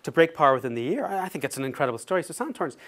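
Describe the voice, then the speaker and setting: A man's voice: fairly high pitch, racing. Self-mocking man telling a story. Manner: lively, self-mocking, laughs through the story. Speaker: author giving a talk. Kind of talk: anecdotal storytelling presentation.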